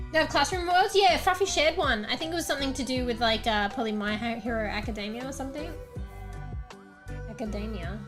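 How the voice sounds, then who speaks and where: A woman's voice: on the high side, normal speed, long pauses, over music. A young Australian woman streaming from home, chatting loosely with her viewers, rambling and swearing casually between laughs. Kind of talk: casual livestream chat. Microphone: new desk microphone, close.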